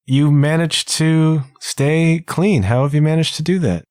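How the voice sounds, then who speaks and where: A man's voice: a little high, a little slow, a little mellow, no echo, studio quality. A man hosting a podcast interview, asking short follow-up questions. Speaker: podcast host.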